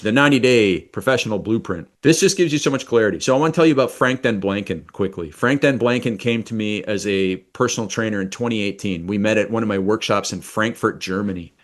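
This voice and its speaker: Energetic man coaching, low voice. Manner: energetic, quick, enthusiastic. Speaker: business coach leading a workshop. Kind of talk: live online coaching session.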